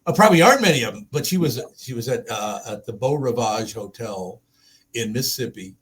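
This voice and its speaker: A man's voice: mid-range voice, animated, brisk, crowd noise. Rambling, laughing male radio host. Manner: rambling storyteller, laughing, mimics voices. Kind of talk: casual studio chat. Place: radio studio.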